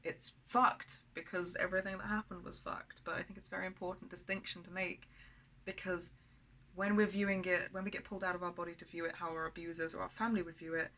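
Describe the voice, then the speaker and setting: A woman speaks in a personal video diary, blunt and rambling, with lots of swearing. Her voice is lowish and crisp with a tense brightness, and it stays fairly flat in pitch. A faint hum sits behind her. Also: fast talker, poor audio. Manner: raw, candid and blunt, with frequent swearing; rambling, with many fillers and restarts. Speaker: vlogger.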